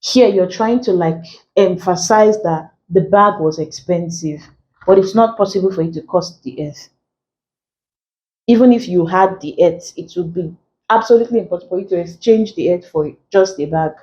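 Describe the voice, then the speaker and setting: A woman teacher giving an exam-prep lesson, explaining slowly, repeating key phrases and filling gaps with "like.". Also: fairly low pitch, dark tone, muffled recording. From Nigeria.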